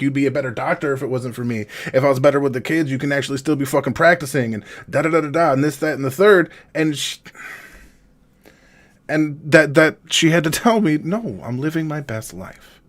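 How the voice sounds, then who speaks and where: A man streaming a raw, confessional monologue, halting and rambling with heavy swearing, emotionally distressed. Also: medium pitch.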